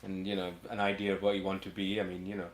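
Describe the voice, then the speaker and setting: A man appearing as a podcast guest, talking reflectively and softly. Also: deep voice, completely flat delivery, quick pace, slight background noise. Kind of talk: casual chat. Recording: echoey room.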